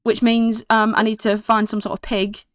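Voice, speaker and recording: Woman putting on a hyper excitable little boy. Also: on the high side, clean tone, no room sound, voice pushed up, lightly acted. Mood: chatty. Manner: breathless rapid chatter, jumps between topics.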